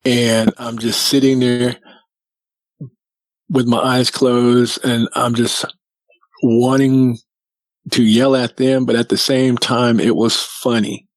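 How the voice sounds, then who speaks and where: A man telling a personal story as a guest, lively and acting out what people said. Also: medium pitch, slow, pauses often, no echo, rough recording. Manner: animated storyteller who acts out quotes. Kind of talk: casual storytelling.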